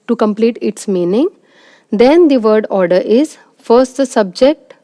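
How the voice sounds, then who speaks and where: A woman's voice: mid-range voice, mellow, dry recording. A woman lecturer, giving a recorded lecture and explaining each point step by step with examples. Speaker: university lecturer.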